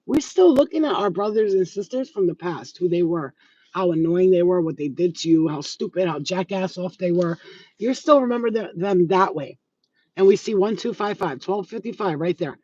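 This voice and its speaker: A woman's voice: medium pitch, dark tone. A middle-aged woman talking straight to her viewers as a spiritual healer, giving blunt, profane, streetwise advice in a casual monologue. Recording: dull lo-fi sound.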